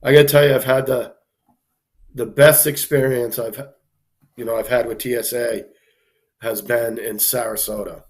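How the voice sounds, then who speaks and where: A man tells a casual story on a live stream at a medium pitch and normal speed, pausing often. He animates it by playing the people he quotes and fills it with plenty of fillers.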